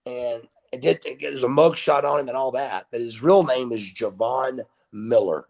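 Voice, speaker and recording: A man in his fifties, a guest on a video call, telling stories in a casual, animated way and swearing freely. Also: medium pitch, moderate pace. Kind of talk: casual storytelling interview.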